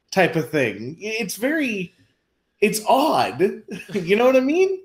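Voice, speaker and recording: Slow-talking laughing man, lively pitch. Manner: laughs often, jokey and sarcastic. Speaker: co-host. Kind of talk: casual commentary while watching clips.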